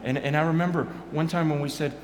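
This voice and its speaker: A pastor telling animated stories, swinging from quiet asides to loud bursts and repeating his words as he goes. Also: a little high, fast, roomy sound, a little hiss or hum. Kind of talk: animated storytelling talk.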